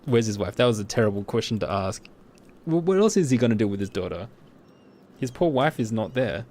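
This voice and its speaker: A man's voice: lowish voice, lively intonation, fairly quick, a little mellow. A man streaming a story game, chatting and reacting to what happens on screen. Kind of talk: let's play commentary and reading game dialogue.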